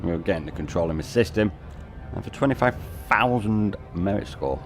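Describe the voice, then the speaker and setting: Male streamer, deep, matey and relaxed, swears casually. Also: normal speed, faint music behind. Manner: laid-back, sweary and matey, saying "mate" often. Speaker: game streamer. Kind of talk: casual live-stream chat.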